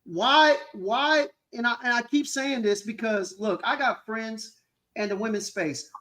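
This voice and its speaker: A man's voice: very high-pitched, unhurried, bright, forceful tone. A man, a co-host, ranting heatedly in casual talk, swearing often and repeating himself for emphasis.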